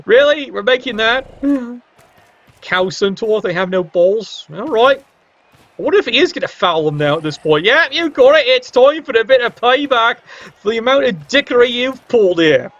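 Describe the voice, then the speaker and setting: A man's voice: very high-pitched, lively intonation, normal speed, fairly bright tone. A man doing casual play-by-play commentary on a fantasy sports match, wry and joking with a playfully biased slant. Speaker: game commentator. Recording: dull lo-fi recording.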